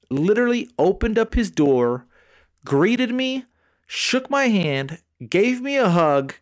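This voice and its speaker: A man in his thirties co-hosting a podcast, telling stories in a slangy, animated way and acting out quotes. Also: a little high. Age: 30s. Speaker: podcast co-host. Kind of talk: casual storytelling chat.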